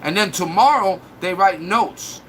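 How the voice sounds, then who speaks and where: A man's voice: sits high, a little slow, a bit bright, a little hiss or hum. A man live streaming, mocking and trash-talking viewers in his chat in a blunt, crude way.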